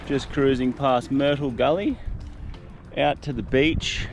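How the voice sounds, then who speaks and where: A man in his thirties with an Australian accent, chatting casually in a travel vlog, relaxed and laughing often. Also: mid-range voice, slow pace. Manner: laid-back, laughs often, storytelling. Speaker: vlogger. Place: outdoors, coast and van. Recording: music playing over the voice.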